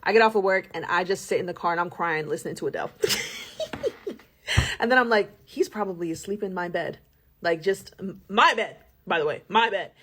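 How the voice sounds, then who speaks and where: A woman telling a personal story to camera in a casual, animated way, full of slang and laughter. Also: on the low side, a little fast, a little hiss or hum. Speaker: storyteller vlogger.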